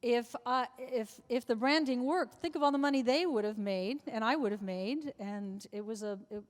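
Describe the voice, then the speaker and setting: An older woman, in her seventies, spins rambling anecdotes as an interview guest and keeps circling back and restarting her sentences. Her voice sits a little high for a woman, and it carries a long reverb from a large hall. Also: moderate pace. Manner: chatty anecdotal storyteller with many restarts. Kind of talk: storytelling in a live interview. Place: large club function room before an audience.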